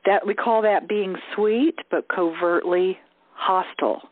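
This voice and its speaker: A woman's voice: mid-range voice, a little slow, no echo. A woman coaching a group over a call, talking in an easygoing way and checking in with "okay?". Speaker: communication coach. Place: lives in the southern US. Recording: tinny phone-line sound.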